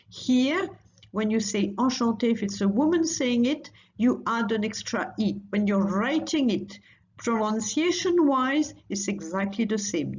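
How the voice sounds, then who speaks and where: A woman's voice: mid-range voice, a little mellow, lo-fi sound, slight background noise. A woman teaching a recorded language lesson, patiently repeating phrases for learners.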